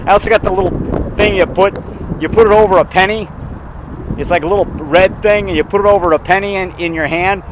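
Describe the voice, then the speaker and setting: A man's voice: high voice, a bit bright, slight background noise, rough recording. A man in his fifties from the Chicago area, giving a rambling, digressive monologue in a cemetery, full of fillers and restarts, recorded on a handheld camera mic. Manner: digressive, talks in fragments with fillers and self-corrections. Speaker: vlogger. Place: outdoor cemetery.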